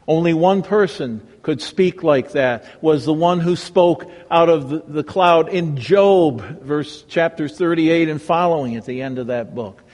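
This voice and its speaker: A male pastor preaching a sermon with a dramatic delivery that swings from raised emphasis to hushed, reverent tones. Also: fairly high pitch, measured pace, hardly any pauses, big-room sound.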